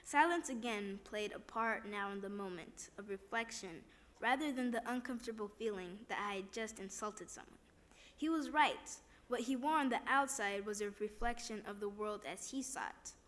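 A woman's voice: medium pitch, normal speed, a bit bright. A woman reading a first-person devotional story aloud, plainly, with small slips and restarts.

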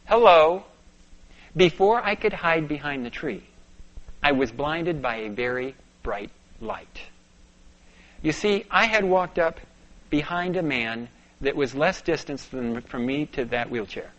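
A male preacher telling a personal story in a sermon, dropping to a hush and rising to urgent bursts. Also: on the high side, animated, a little slow. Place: church sanctuary. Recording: dull lo-fi sound.

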